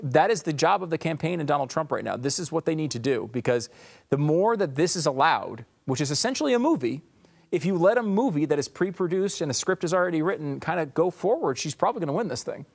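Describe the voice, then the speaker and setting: Man, host, live panel commentary, wry, talkative, slightly high voice. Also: lively intonation, quick pace, gravelly. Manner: wry and talkative, wraps up with promos.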